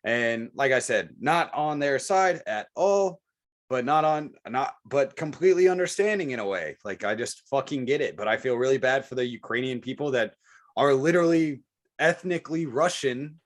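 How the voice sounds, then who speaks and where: A man's voice: medium pitch, normal speed. Profane, heated man talking casually. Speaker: podcast co-host. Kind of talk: casual political chat.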